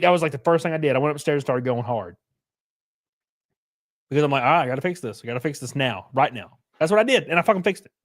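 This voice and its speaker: A man hosting a live stream, ranting bluntly and profanely and reading chat messages aloud. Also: a little high. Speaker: streamer host. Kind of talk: casual live-stream reaction rant.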